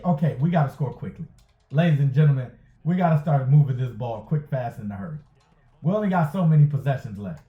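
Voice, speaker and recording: A man giving excited play-by-play commentary over a football video game he is playing, hyping and groaning at each play and repeating his phrases. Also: mid-range voice, moderate pace. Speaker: gaming YouTuber. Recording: tinny phone-like sound in an echoey room.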